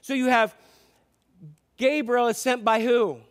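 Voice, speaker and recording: A man's voice: extremely high pitch, fairly even intonation, a little slow. A middle-aged man, a pastor, preaching a sermon in a conversational way with asides and restarts.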